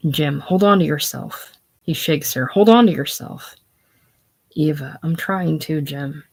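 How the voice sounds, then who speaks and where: Jim, a calm, steadying young man, as a reader voices him. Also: mid-range voice, a little slow, creaky, breathy edge. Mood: soothing. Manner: firm, soothing.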